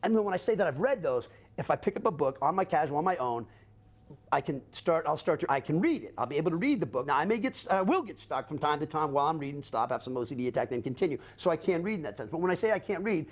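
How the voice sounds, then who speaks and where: An older man telling his own story in a rapid, profane way, acting out what others said to him. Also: fairly high pitch. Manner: fast, animated, swearing often, acting out quotes. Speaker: guest recounting his life.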